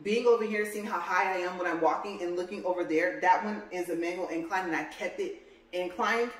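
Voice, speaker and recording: A woman with a lowish voice speaks fairly quickly while walking on a treadmill at home for a casual vlog. She's short of breath, her chatter rambling and self-correcting, and the recording sounds roomy and distant.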